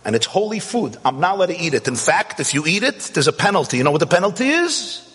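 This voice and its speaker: A man teaching a Torah class, animated and rising to shouts to stress a point. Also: fairly high pitch, quick pace, slightly rough, in a large hall. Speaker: rabbi.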